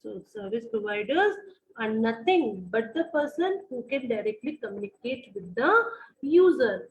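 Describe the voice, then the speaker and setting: High-voiced woman with an Indian English accent lecturing online. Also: big pitch swings, normal speed, rough recording. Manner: repeats phrases, many fillers, asks the class questions. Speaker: university lecturer.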